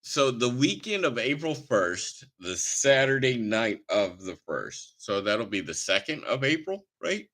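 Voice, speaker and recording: Tipsy, rambling podcast host. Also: male voice, medium pitch, very animated, unhurried, hardly any pauses, fairly bright tone, low-quality recording. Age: 40s. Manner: rambling and profane, jokey. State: tipsy from drinking wine. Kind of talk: casual chat.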